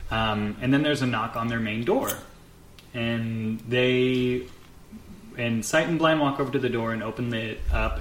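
A man narrating as game master in a casual, loose way with plenty of fillers. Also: fairly low pitch. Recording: echoey room with faint noise.

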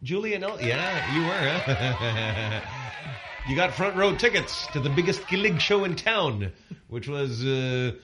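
Joking radio DJ. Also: male voice, a little high, expressive, measured pace, noisy background. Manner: joking, teasing, rambling with many fillers. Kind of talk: casual on-air banter. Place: radio studio.

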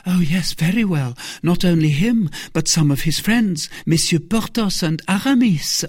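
Reader playing young novice nun, earnest, eager, lively pitch, husky, slow. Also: no echo, clean studio sound.

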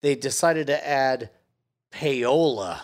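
A man's voice: mid-range voice, slow pace. A man co-hosting a podcast, casually chatting about a TV episode with a wry, joking manner. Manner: wry, joking, laughs often. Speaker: podcast co-host. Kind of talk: casual chat reviewing a TV episode.

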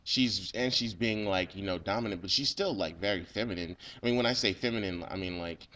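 A man with a lowish voice talks loosely in a relaxed chat. He stumbles, restarts and repeats himself, often checking that he is understood. His tone runs excitable. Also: a little fast. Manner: rambling, frequent "you know what I'm saying". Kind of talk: casual chat.

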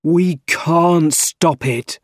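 A man voicing a tormented middle-aged male scientist, speaking slowly and heavily in a storybook reading. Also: on the high side, no echo, studio quality, pitched above the performer's own voice. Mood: urgent. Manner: slow, heavy, deliberate delivery.

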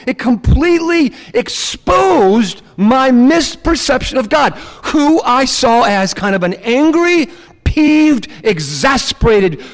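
A man who is a pastor, preaching a sermon in a casual, animated way and acting out quotes. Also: very high-pitched, slow. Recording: long hall reverb.

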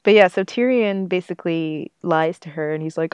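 A woman's voice: lowish voice, moderate pace, darkish tone, clean tone, dry recording, highs cut off. Chatty woman recapping, dry close sound. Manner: narrates plot, chatty. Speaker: podcast co-host. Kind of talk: casual recap chat.

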